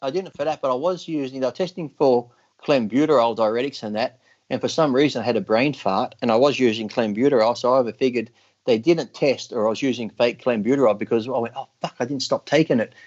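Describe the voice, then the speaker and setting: A man chats casually as a podcast guest, spinning rough anecdotes full of swearing. His voice sits at a middle pitch. The recording is dull and lo-fi. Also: fast, darkish tone. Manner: crude, laughing anecdotes, heavy swearing. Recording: dull lo-fi audio.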